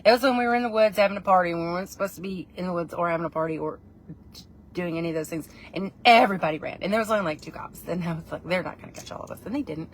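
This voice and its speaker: A woman's voice: fairly low pitch, rapid-fire, a little hiss or hum. A woman, chatting in a casual, rambling vlog, playful and self-mocking. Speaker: vlogger.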